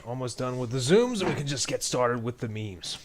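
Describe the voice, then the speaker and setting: A man's voice: mid-range voice, animated, brisk. A man streaming while he edits a video, casually explaining each step and often stopping to rethink. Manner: loose explaining, stops to rethink. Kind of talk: casual editing walkthrough.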